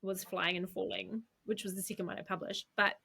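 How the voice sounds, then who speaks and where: A woman author talks casually on a podcast with a gravelly edge to her voice. She laughs easily and pokes fun at herself as she chats. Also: mid-range voice, level tone, a little fast, pushed and bright. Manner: laughing, self-deprecating. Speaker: author guest.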